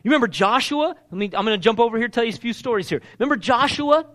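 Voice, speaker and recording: An extremely high-pitched male voice races through a sermon. The preacher is lively, throws questions at the congregation, and dramatizes each quoted line.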